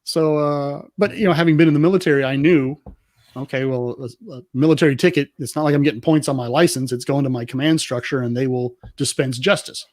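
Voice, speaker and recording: A man who is a military veteran, telling a story with lively acted-out quotes on a podcast. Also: mid-range voice, fast talker, no room sound, studio quality. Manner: lively anecdote teller, acts out quotes. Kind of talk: animated storytelling in casual chat.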